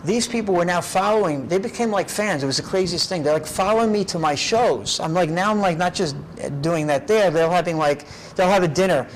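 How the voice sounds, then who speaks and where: A middle-aged man recounts his life story in an interview, with a fairly high voice for a man. He tells it in an animated, lively way and keeps checking in with a "right?". A faint hum sits behind him. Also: a little fast, few pauses, low-quality recording. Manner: animated storyteller, often tags lines with "right?". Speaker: documentary subject.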